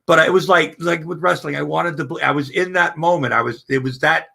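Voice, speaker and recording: A man in casual chat, animated and profane, rising loud when excited. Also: fairly high pitch, brisk, gravelly, husky.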